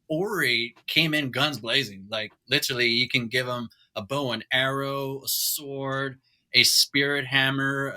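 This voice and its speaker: A man's voice: mid-range voice, sharp tone. A man, a father and podcast guest, talking enthusiastically about games he loves. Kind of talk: casual chat.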